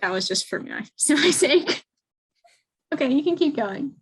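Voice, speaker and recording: Middle aged woman on a video call podcast, kinda high voice, bossy coaching, laughs a lot. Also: lively intonation, moderate pace, rough recording. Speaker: podcast guest. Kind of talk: casual chat.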